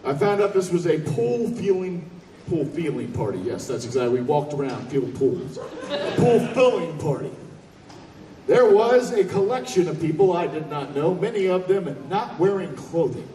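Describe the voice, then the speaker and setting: A man telling a comic story on stage in a convention hall, animated, profane and laughing. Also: on the high side, moderate pace, hardly any pauses, a little hiss or hum. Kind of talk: stand-up storytelling. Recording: echoey hall from far off.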